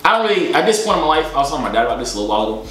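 A man's voice: fairly high pitch, sing-song, racing, fairly bright tone, a little hiss or hum. A young man casually answering fan questions in a joking, slangy, rambling way. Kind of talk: casual Q&A chat. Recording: echoey room.

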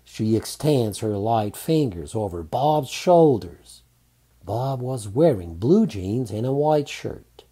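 Slow, dark-voiced male narrator. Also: mid-range voice, slightly rough. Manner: calm, unhurried reading. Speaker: audiobook narrator. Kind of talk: scripted romantic narration.

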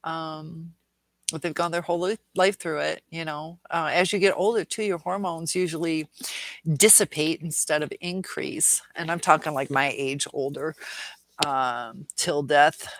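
A woman's voice: deep voice, steady tone, measured pace, no room sound, rough recording. A middle-aged woman hosting a casual viewer Q&A livestream, earnest and rambling, reading comments aloud.

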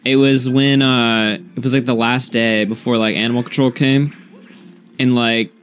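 A man's voice: medium pitch, fairly even intonation, moderate pace, fairly bright tone, a little hiss or hum. A young man casually telling a story to his stream chat, rambling and swearing, with lots of "like". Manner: rambling, profane, heavy use of "like".

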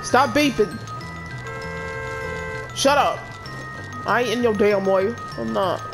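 A woman commentating her gameplay in a brash, loud, cussing way, constantly talking back at the characters on screen. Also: a little high, slow pace, creaky, over music. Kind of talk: let's play commentary.

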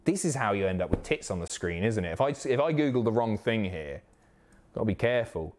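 A man from the Isle of Wight, chatting casually and excitably on a live stream, swearing often. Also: lowish voice, brisk. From Isle of Wight, England. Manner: excitable, sweary, reads chat aloud.

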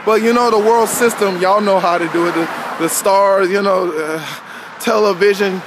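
A man's voice: high voice, steady tone, normal speed. A man giving a casual, conversational sermon, constantly checking in with his listeners as he preaches. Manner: conversational, peppered with "you know what I'm saying". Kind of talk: informal street-style sermon. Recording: outdoor traffic noise behind voice.

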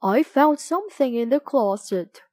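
A woman voicing a gentle bear father in a children's storybook, speaking plainly and calmly. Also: high-pitched, a little slow, no echo, voice pushed up.

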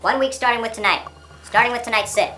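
A woman's voice: on the high side, fast, sharp tone, soft background music. A woman playing a brash, bullying male sales boss. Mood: berating. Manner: berating, profane, swaggering. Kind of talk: amateur comedy parody acting.

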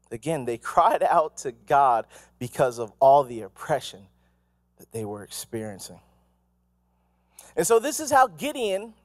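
A male pastor giving an animated, conversational sermon, full of asides and questions to the congregation. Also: high-pitched, no room sound. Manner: animated, conversational preaching with asides and acted quotes. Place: church.

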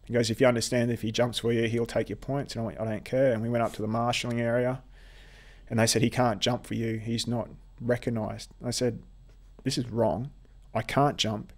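A man speaks as a podcast guest, recounting his own story. His voice sits at an ordinary middle pitch, and he talks haltingly, often circling back and repeating words as he goes. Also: flat delivery. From Australia. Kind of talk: telling a personal story in an interview.

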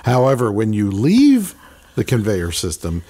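A man's voice: fairly low pitch, wildly swooping pitch, a little slow, warm tone. A middle-aged man co-hosting a podcast, chatting casually and adding wry, dry remarks. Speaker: podcast co-host. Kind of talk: casual chat.

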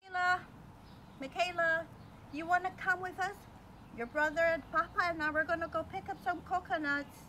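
A woman voicing a cheerful island mother who calls her daughter in a bright, hurried way. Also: extremely high pitch, fairly even intonation, voice pushed up. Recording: noisy home recording.

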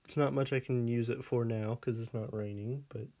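A man's voice: mid-range voice, steady tone, normal speed, mellow. A man casually commenting on his game as he plays, laughing often and scolding his pet dog in the game before fussing over him. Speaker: Minecraft let's player.

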